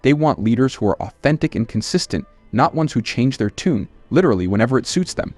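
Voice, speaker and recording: A man's voice: mid-range voice, lively intonation, brisk, a little mellow, dry recording, faint music behind. A man hosting a channel, reading scripted political commentary in a scornful, emphatic way.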